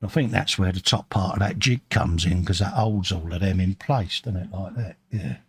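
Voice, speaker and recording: A middle-aged Cockney man from London's East End chats on a live stream and reads out viewer comments as a lively, talkative storyteller. His voice is low and husky, at a normal speed.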